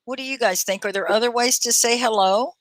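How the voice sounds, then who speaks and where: A woman from Texas with a Texan accent, hosting a casual live English lesson, chatty and quick to laugh as she sounds words out. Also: on the high side, no room sound. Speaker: ESL teacher and host.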